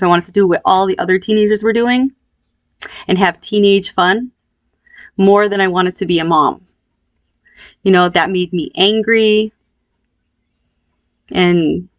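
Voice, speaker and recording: A woman in her thirties speaks candidly about her past in a calm, unhurried voice. Her pitch sits in the middle for a woman. The recording is dry and close, with no room sound. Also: no echo. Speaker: vlogger. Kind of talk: personal storytelling.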